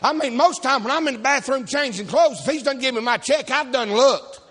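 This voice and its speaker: A man preaching, folksy and shouting, calling on the congregation for amens. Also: very high voice, brisk. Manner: folksy, shouting, calls for amen. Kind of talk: fiery preaching with stories. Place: church service.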